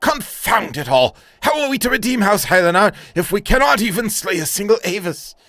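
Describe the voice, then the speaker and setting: A man's voice: sits high, sing-song, fairly quick, pushed and bright, no echo, pitched above the performer's own voice, heavily acted. A man doing a frustrated young game knight. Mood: exasperated. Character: frustrated young knight, proud but defeated.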